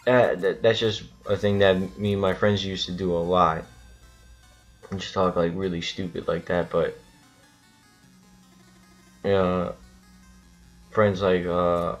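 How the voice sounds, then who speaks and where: Low, slow-talking man gaming. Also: little pitch movement, faint music behind. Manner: rambling, swearing, lots of restarts. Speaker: gaming channel host. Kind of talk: casual gameplay commentary.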